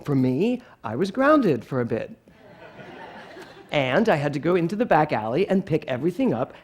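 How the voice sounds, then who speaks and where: A male pastor from Philadelphia giving a sermon, animated and playful, telling stories. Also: on the high side, moderate pace. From Philadelphia, USA.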